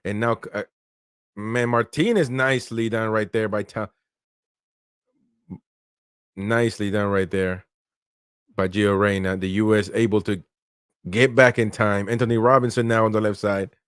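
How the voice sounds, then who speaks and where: Smooth casual watchalong host, man. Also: fairly low pitch, fairly even intonation, a little slow, pauses often, no echo, studio quality. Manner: casual play-by-play, talks to viewers, laughs often. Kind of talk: live match commentary and chat reading.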